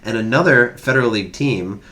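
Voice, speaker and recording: A man's voice: medium pitch, fairly quick, sharp tone. A man co-hosting a comedy trivia podcast, telling researched stories in a rambling, casual way. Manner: rambling, researched storytelling with fillers. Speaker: podcast co-host presenting trivia.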